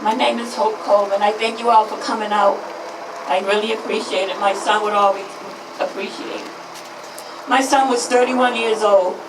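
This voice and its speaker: A woman in her fifties, a grieving mother, giving an impassioned public speech at a rally. She is emphatic, repeats slogans and her voice rises toward shouts. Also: medium pitch, fairly even intonation, normal speed, roomy sound, far from the mic, background noise.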